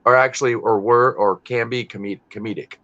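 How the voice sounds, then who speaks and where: A man's voice: mid-range voice, steady tone, normal speed, sharp tone. A man hosting a live stream, chatting casually and rambling, often breaking off mid-sentence and swearing freely. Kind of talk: casual chat while working. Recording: dull lo-fi stream audio.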